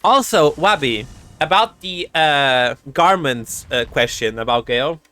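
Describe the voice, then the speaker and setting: A man streaming a video game, chatting casually and excitably, cooing fondly at animals and laughing often. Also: fairly high pitch, measured pace. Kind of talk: casual gameplay commentary.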